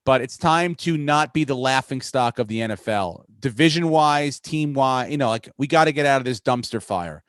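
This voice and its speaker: A man hosting a podcast, talking sports in a profane, rambling, excitable way. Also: medium pitch, moderate pace, hardly any pauses, clean tone, no echo. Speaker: podcast host. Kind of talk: casual sports chat.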